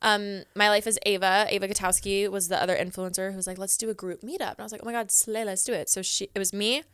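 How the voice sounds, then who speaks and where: A woman's voice: mid-range voice, steady tone, fast talker, fairly bright tone, clean tone, no room sound, clean studio sound. A young woman from Southern California, a podcast guest telling a story in a chatty way, full of "like" and acted-out quotes of herself. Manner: chatty, heavy on "like", acts out her own past lines. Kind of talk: casual storytelling. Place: podcast studio.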